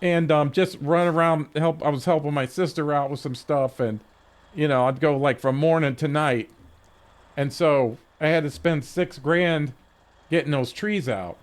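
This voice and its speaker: A man's voice: fairly high pitch, fairly even intonation, unhurried. A man streaming a game, telling a rambling story with frequent swearing and restarts, at his desk mic. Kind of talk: casual stream chat.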